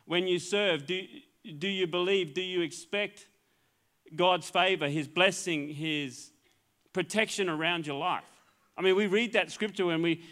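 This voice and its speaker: A man's voice: sits high, fairly bright tone. An Australian man, a middle-aged pastor, preaching a sermon in an earnest way, often repeating words and restarting phrases. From Queensland, Australia.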